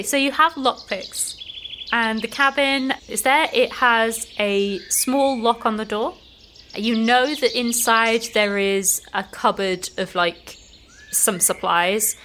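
A woman's voice: mid-range voice, a little hiss or hum. Woman game master narrating a forest trek. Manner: relaxed, descriptive, frequent "like" fillers.

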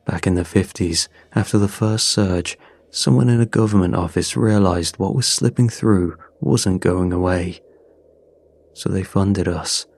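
A man voicing a weary older clinic veteran who speaks in a flat, worn-out, grave way. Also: sits low.

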